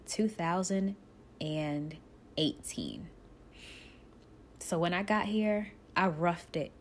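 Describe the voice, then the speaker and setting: Earnest woman with a lowish voice. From Buffalo, New York. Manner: earnest, emotional, with pauses and restarts. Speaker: aspiring actress telling her story. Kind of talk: personal storytelling.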